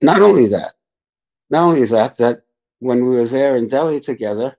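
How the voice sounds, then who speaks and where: A man's voice: medium pitch, lively intonation, moderate pace, darkish tone. An older man, a spiritual teacher, telling reflective stories unhurriedly as a guest in an interview. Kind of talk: storytelling in a podcast interview. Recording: dull lo-fi sound.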